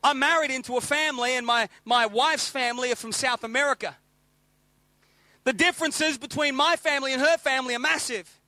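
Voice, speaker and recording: A middle-aged man from England, raised in Australia, preaching a sermon in an animated storytelling way and repeating phrases for emphasis. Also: extremely high pitch, fairly quick, dry recording.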